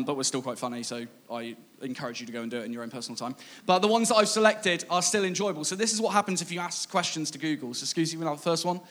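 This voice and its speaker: High-voiced man preaching playfully. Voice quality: playful, laughing, rising excitement when amused. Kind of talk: casual humorous sermon.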